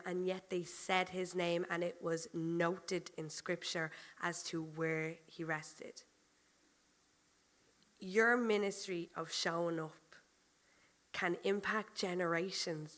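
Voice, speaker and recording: A woman pastor preaching a sermon, chatty and animated, telling personal stories and often laughing as she goes. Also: on the low side, slow, pauses often.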